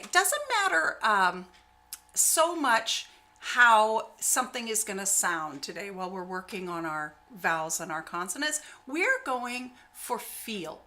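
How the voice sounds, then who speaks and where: A woman voice teacher explaining singing vowels, with warm encouragement, often drawing out or singing the sounds she demonstrates. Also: medium pitch.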